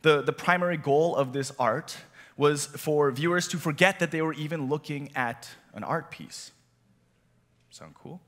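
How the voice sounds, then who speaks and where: A man preaching a sermon as youth director, animated with playful asides. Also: fairly high pitch, moderate pace. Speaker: youth director and teaching pastor. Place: church hall. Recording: long church hall reverb.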